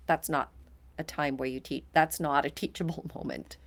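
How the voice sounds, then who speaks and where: Woman with a really low voice, calm and direct, podcast chat. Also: normal speed. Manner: calm, direct advice-giving. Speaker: podcast co-host. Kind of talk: casual podcast discussion.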